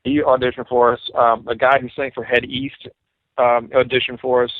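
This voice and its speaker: Man, middle-aged, interview guest, animated storyteller, tinny phone-like sound. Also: mid-range voice, moderate pace, no echo. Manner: animated storyteller acting out quoted dialogue. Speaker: guest musician, bassist. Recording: tinny phone-like line, dry.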